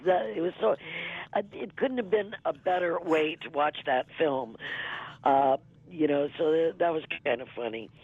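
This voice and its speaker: Gravelly-voiced woman on a phone line. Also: low-pitched. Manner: rambling, laughs often, many "you know" fillers. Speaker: interview guest, former music TV veejay. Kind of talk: casual interview storytelling. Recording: tinny dry phone line.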